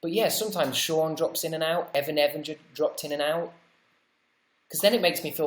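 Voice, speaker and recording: A British man hosting a casual livestream, reading viewer comments out loud and answering them with chatty, wry, self-deprecating asides. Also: on the high side, fairly quick, reverberant. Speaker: livestream host.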